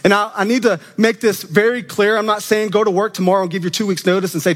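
A man preaching an animated, conversational sermon as a student minister, acting out quoted voices. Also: high voice, quick pace. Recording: long reverb of a church hall.

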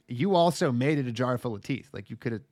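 A man's voice: medium pitch, animated, quick pace, darkish tone, no room sound, clean studio sound. A man co-hosting a casual anime recap, sarcastic and profane, slipping into silly voices to act out scenes. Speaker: podcast co-host.

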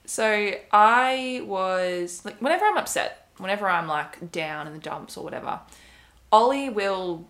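A woman's voice: mid-range voice, lively intonation, a little slow, fairly bright tone. A young woman casually telling a personal story, rambling with many fillers and quoted asides. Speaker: podcast co-host.

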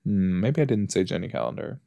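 A man's voice: deep voice, big pitch swings, fairly quick, vocal fry, dark tone, dry recording. A man hosting a podcast, chatting and joking as he reacts to a TV episode while he watches it. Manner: chatty, joking, talks back to the screen. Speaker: podcast host. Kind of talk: episode watch-along commentary.

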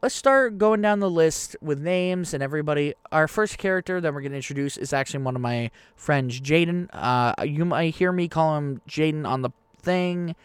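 Young male podcast host and game master, excitable and rambling, crisp and dry. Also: a little high, moderate pace, few pauses, no echo. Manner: rambling, excitable, self-deprecating. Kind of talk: casual podcast chat.

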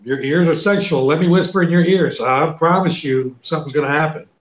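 Man, radio co-host, playful, teasing, slightly high voice, echoey room. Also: a little fast. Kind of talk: casual radio talk show chat. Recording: roomy echoey studio sound.

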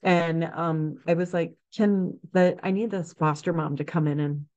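A woman in her forties, a neonatal nurse practitioner, tells stories from her work in a frank, animated way. She slips into quoted voices and fills gaps with ums. Her voice sits a little low, and the recording sounds dull and lo-fi. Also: unhurried. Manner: frank, animated, acts out quotes, many fillers. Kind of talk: casual interview storytelling.

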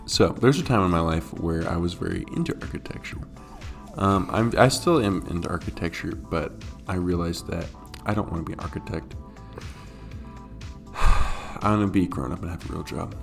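A man's voice: low-pitched, normal speed, creaky, long pauses, soft background music. A young man co-hosting a podcast, joking and laughing as he explains a topic in casual chat. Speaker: podcast co-host.

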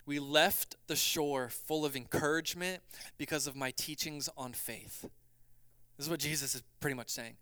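Male pastor, sermon delivery, clear smooth tone, dry close sound, conversational then urgent. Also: medium pitch, normal speed, no echo. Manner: builds from quiet reflection to loud, urgent preaching; conversational, acts out quoted voices.

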